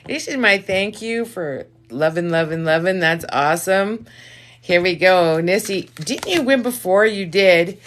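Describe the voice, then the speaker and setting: A woman with a raspy voice hosting a casual live stream, effusive and profane, giving blunt direct advice to viewers. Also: fairly low pitch, a little slow.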